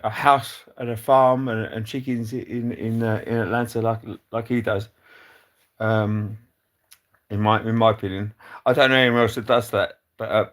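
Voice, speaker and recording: Reading comments from his chat, a British man hosts a casual livestream in a mid-range voice. His delivery stumbles and wanders with fillers and restarts, punctuated by bone-dry, deadpan quips.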